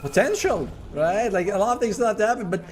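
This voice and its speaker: A male esports caster breaks down the game in analytical color commentary. His fairly high voice swings up and down a lot. Faint noise sits under the recording. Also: lively intonation, fast talker.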